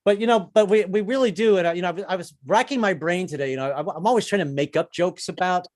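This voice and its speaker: A man's voice: fast talker, darkish tone. An older man performing a stand-up set in a comedy club, chatty and self-deprecating, with lots of restarts. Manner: chatty, self-deprecating, jumps into high-pitched character voices for quoted people.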